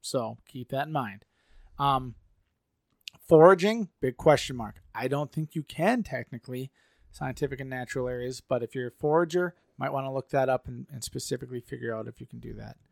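A man's voice: mid-range voice, fairly quick, gravelly, no echo, studio quality. A man, co-hosting a podcast and walking through rules point by point. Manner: explains rules point by point, with restarts. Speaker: podcast co-host. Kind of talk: casual explanation of hunting rules.

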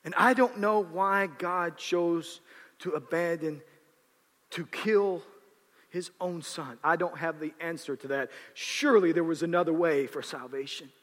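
A man preaching a sermon, swinging between raised, shouted passages and quiet, low asides. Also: big-room sound. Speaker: pastor.

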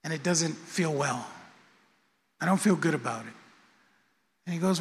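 Preaching in a church sanctuary, a middle-aged pastor uses a fairly high voice with lively intonation, keeping a measured pace broken by long pauses. His style is conversational and repetitive, with self-deprecating asides, and the church hall adds long reverb.

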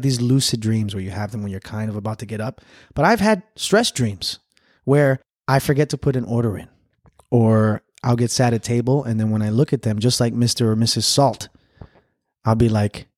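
Speaking at a medium pitch in a clean studio recording free of echo, a man shares stories from his time as a server. He co-hosts this casual podcast chat in an animated way, laughing often.

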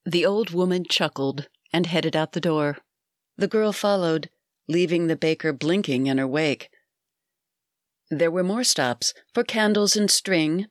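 A woman narrating a scripted story in a calm, measured reading voice. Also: low voice, dry recording, studio quality.

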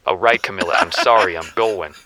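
A woman voicing a dim, gruff male mobster goon with a deep voice. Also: brisk, pushed and bright, full character voice.

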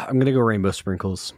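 A young man hosting a casual podcast, playful and quick to laugh as he runs the segments. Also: medium pitch, dry recording, clean studio sound. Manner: laughs often, playful teasing. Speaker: podcast host. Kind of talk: casual chat.

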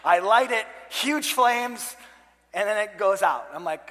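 A man in his thirties, a pastor telling a comic story in a sermon, animated and self-mocking, shouting at the big moments. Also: high-pitched, moderate pace. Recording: long hall reverb.

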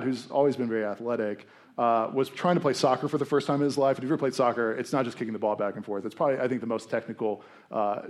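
Guy in his 30s preaching a sermon, chatty, jokes at himself, mid pitch. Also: darkish tone. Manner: conversational, self-deprecating, acts out quoted voices. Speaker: pastor.

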